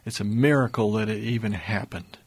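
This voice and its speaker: A man's voice: lowish voice, brisk, a little mellow, slightly rough. A man telling history stories in conversation, earnest and building emphasis, with frequent restarts. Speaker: guest storyteller on history.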